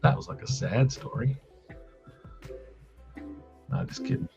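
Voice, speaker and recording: A man's voice: medium pitch, very animated, measured pace, vocal fry, darkish tone. An Australian man hosting a live drawing stream, telling rambling, self-deprecating stories in casual chat. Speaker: streamer host drawing comics. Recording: dull lo-fi stream audio with faint music.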